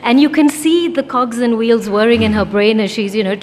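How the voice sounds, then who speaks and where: A woman's voice: fairly high pitch, fairly even intonation, moderate pace. Wry woman storyteller in an echoey hall. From India. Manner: wry anecdotal storytelling, acting out quoted exchanges. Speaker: conference panelist, former lawyer. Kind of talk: storytelling talk on a panel. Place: conference hall. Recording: echoey hall with faint noise.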